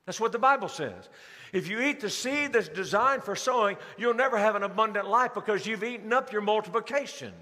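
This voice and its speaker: Male pastor, sermon, high pitch, long reverberant church hall. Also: pushed and bright. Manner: preaching with rising emphasis and slowed, stressed phrases. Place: large church sanctuary.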